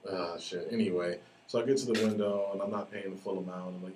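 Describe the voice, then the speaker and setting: A man's voice: low-pitched, fast, few pauses. A man in his thirties hosting a podcast, cussing and ranting about his day in a casual monologue. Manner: profane, ranting, animated storytelling. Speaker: podcast host. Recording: distant mic with faint background noise.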